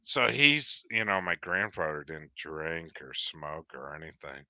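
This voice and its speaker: Low-voiced man rambling through a story. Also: expressive, measured pace, bright, forceful tone, dry recording. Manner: rambling storyteller, swears casually, lots of restarts. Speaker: guest. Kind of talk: casual chat.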